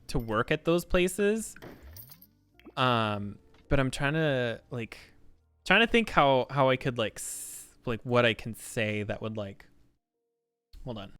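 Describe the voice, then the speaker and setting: A man's voice: mid-range voice, a bit bright, smooth, dry recording. Man thinking aloud over a game. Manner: rambling, thinking aloud with many fillers. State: slightly worn from long talking. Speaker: game streamer. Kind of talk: casual gameplay commentary.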